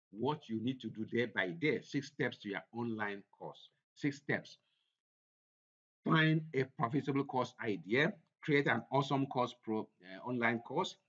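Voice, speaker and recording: A man's voice: medium pitch, a bit bright, muffled recording. A man presenting a slide lecture on a course topic, who repeats his points for emphasis. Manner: repetitive, emphatic, restates points.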